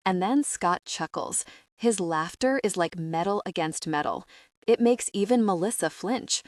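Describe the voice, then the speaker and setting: A woman's voice: fairly low pitch, lively intonation, unhurried, no room sound. Woman narrating an audiobook, dry and close. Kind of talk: first-person scripted narration.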